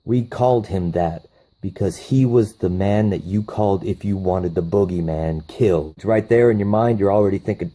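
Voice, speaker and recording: Man, movie reviewer, casual recap, profane, enthusiastic, lowish voice. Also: moderate pace, mellow.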